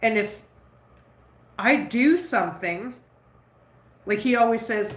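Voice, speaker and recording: Speaking slowly and pausing often, a woman vlogger with a slightly high voice and a stuffy nose makes bread dough at home. She chats casually and warmly about her son, rambling and leaning on "like." The recording echoes around the room.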